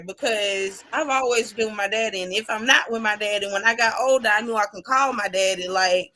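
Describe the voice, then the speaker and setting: A woman's voice: fairly high pitch, a little fast, few pauses, pushed and bright, a little hiss or hum. A woman talking about her father in a casual, heartfelt podcast chat, laughing often. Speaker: podcast guest.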